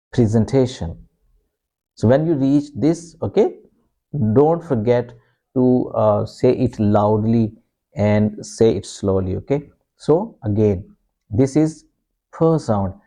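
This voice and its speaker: Slow, dark-voiced male pronunciation teacher. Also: mid-range voice. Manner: repeats words slowly, frequent "okay" fillers. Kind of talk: slow, patient pronunciation lesson.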